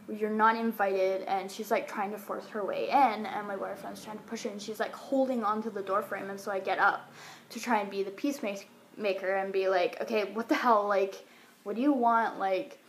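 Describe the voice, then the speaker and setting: A young woman telling a casual storytime vlog at home into a phone, rambling along with lots of "like" and "um". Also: mid-range voice. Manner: rambling, full of fillers like "like" and "um", laughs now and then. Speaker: vlogger. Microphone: phone or webcam.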